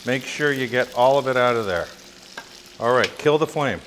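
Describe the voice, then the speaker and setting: A man cooking and demonstrating a recipe as a chef, chatting with jokes and lively asides. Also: mid-range voice, moderate pace. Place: kitchen, cooking at the stove. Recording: sizzle and kitchen noise. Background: sizzling pan.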